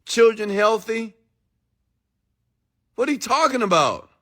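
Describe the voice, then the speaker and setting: A man's voice: extremely high pitch, lively intonation, measured pace, fairly bright tone. A man delivering a motivational monologue, blunt and preachy, firing rhetorical questions at his listeners and swearing freely. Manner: emphatic, preachy, blunt with profanity. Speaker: motivational speaker.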